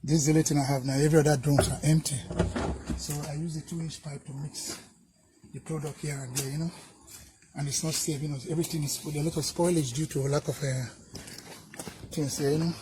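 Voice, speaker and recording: A man's voice: fairly high pitch, flat delivery, fairly quick. Earnest man pleading, noisy outdoor clip. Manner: earnest, repeats "you know". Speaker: interviewee. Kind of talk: pleading personal appeal. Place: outdoors by his van.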